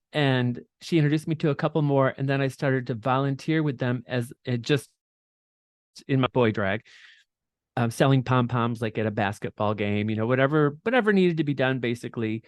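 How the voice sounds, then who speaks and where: A man's voice: medium pitch, dry recording, clean studio sound. Candid, laughing man telling his story. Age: middle-aged. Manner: animated, swearing freely, laughs often. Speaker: interview guest.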